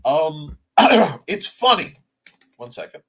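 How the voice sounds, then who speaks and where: Male livestream host, casual chat, filler-heavy, bright tense tone. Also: fairly high pitch, big pitch swings, slow pace. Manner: rambling, filler-heavy, many restarts. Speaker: talk show host.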